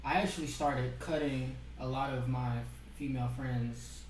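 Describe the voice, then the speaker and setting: A man's voice: medium pitch, little pitch movement, moderate pace, slight background noise. A young man co-hosting a podcast, chatting casually with lots of filler words. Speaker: podcast co-host. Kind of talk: casual chat. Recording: roomy, distant from the mic.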